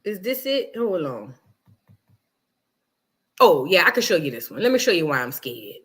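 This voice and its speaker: A woman's voice: lowish voice, big pitch swings, normal speed, slightly rough. A woman hosting a casual reaction livestream, rambling and talking straight to her viewers. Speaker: livestream host.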